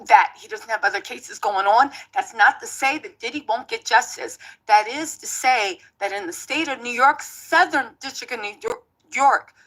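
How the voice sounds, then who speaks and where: A woman's voice: on the high side, fairly bright tone. A woman giving casual, emphatic commentary with a sarcastic edge.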